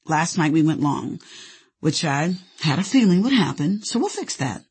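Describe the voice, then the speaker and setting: A woman's voice: sits low, very animated, normal speed, darkish tone, slightly rough. A woman from Indianapolis, an actress, narrating her own memoir in a candid, playful storytelling manner. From Indianapolis, USA.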